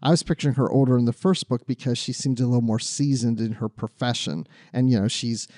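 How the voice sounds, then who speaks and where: Mellow-voiced guy talking books, laughs a lot, dry close mic. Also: mid-range voice, fast, no echo. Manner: chatty, laughs easily. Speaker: podcast co-host. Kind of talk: casual book discussion.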